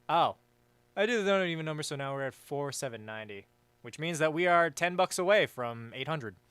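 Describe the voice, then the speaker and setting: A young man hosting a livestream, chatting casually and reading chat, rambling and swearing freely with a vaguely raspy edge. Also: on the high side, fairly bright tone. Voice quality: says his voice is vaguely raspy. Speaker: livestream host. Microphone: headset or desk mic with headphones.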